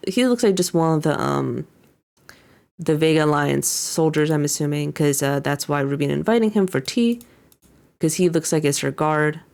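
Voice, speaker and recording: Low, gravelly-voiced young woman recapping. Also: a little mellow. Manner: recaps scenes by paraphrasing characters with many fillers. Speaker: VTuber reacting to an anime episode. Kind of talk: casual commentary.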